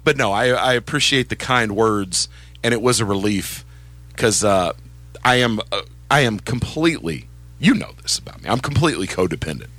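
Man, sports radio co-host, casual banter, very lively pitch, dry close sound. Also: normal speed, dry recording. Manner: animated, self-deprecating, chatty.

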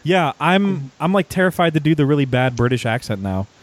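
A man's voice: a little high, lively intonation, a little fast, no echo. A man from Texas with a light Southern US accent, hosting a casual podcast chat, joking around and laughing often. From Texas, USA. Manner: jokey, laughs often, playful asides. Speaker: podcast host.

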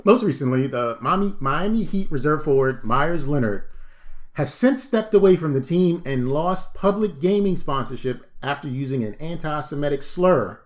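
Animated, joking man co-hosting a podcast. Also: a little high, normal speed. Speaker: podcast co-host. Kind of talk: casual chat.

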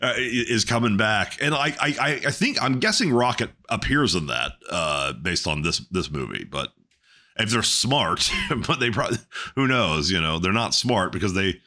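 A man's voice: lowish voice, expressive, normal speed, bright, forceful tone. A man co-hosting a casual podcast, crude and sarcastic, rambling through his points with many restarts. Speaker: podcast co-host.

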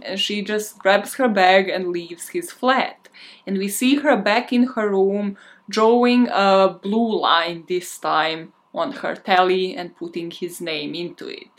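A woman's voice: medium pitch, slow pace. A woman podcast host casually recapping a movie in a chatty way, with a lot of "like". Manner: chatty, with frequent filler "like".

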